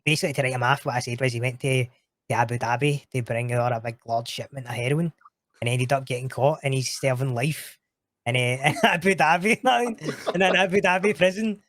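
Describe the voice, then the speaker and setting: A man's voice: mid-range voice, steady tone, a little fast, a bit bright, no room sound. A Scottish man chatting casually as a podcast guest, slangy and laughing often, swearing freely. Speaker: podcast guest, roleplay streamer. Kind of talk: casual chat.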